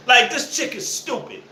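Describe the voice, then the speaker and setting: A man in a live commentary show, mocking what he hears and laughing hard. His voice is high and bright. It echoes around a roomy space, with faint noise underneath. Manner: loud laughing, mocking, repeats phrases. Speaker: host reacting to clips.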